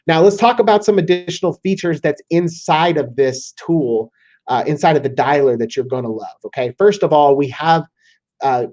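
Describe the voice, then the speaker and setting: With a slightly high voice and a Southern American accent, a software demo presenter walks viewers through a tool in a casual screen-share tutorial. He keeps checking in with "okay?", and the lo-fi audio sounds slightly dull.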